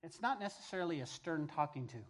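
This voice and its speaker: Pastor, male, slightly high voice; emphatic sermon delivery, repeats lines, loud-to-hushed swings. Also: lively intonation, fast talker.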